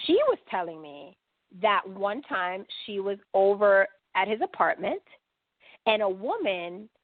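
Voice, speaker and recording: A woman guest on a podcast, telling a long story and acting out the dialogue in lively quoted voices. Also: medium pitch, no room sound. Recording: dry phone-line sound.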